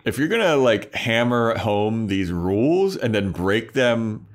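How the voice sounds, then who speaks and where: A man co-hosts a podcast, chatting casually through an episode recap. His voice is on the low side, yet his pitch jumps around a lot as he acts out the characters' lines and laughs along. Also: sing-song, measured pace. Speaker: podcast co-host.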